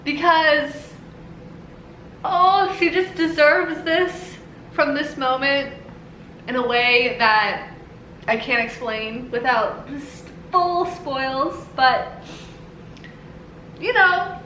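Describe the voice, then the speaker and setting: A woman's voice: high voice, drawn-out words, pauses often, bright, forceful tone, reverberant, a little hiss or hum. A woman book vlogger reacting emotionally as she reads at home, laughing and near tears while talking to herself and the camera. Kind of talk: emotional reading vlog reactions.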